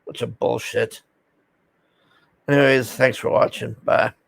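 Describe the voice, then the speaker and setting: A man ranting casually to his viewers, swearing often and ending his gripes with a drawn-out "man" as his voice drops. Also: mid-range voice, steady tone, gravelly, no echo. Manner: profane, exasperated, trailing off with "man". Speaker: video host.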